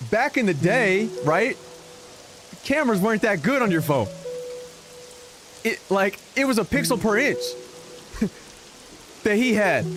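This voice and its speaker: Male game streamer, lively swooping delivery, slightly high voice, game music underneath. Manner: animated, exaggerated storytelling with repetition for effect. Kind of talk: casual storytelling while gaming.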